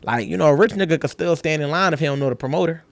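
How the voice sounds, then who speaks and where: A man with a Philadelphia accent, a podcast guest in casual conversation, talking in an animated, profane street style and acting out quoted voices. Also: a little high, racing, gravelly, dry recording.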